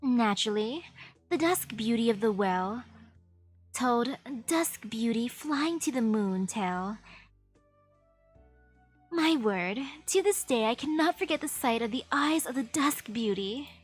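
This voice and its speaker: High-voiced playful woman streamer. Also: measured pace, slightly rough, faint music behind. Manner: playful, animated, switches voices for characters. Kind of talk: reading game dialogue aloud with commentary.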